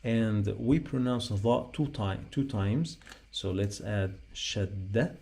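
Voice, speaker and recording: Slow gravelly-voiced male teacher. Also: lowish voice, warm tone. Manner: repeats sounds patiently, spells them out while writing. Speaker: Arabic teacher. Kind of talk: slow spoken writing lesson.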